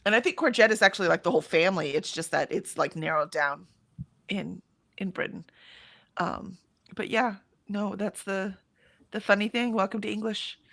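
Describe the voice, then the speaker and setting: Reading chat comments aloud and saying um often, an American co-host chats casually on a livestream. She's from the United States and has a general, accentless accent, with a creaky, slightly bright, medium-pitched voice at normal speed. The recording is dry.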